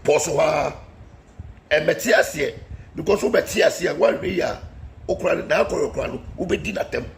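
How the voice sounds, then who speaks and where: A man's voice: fairly high pitch, normal speed, gravelly, slight background noise. A man delivering a heated political rant, combative and scolding, repeating warnings at his critics. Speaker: political commentator.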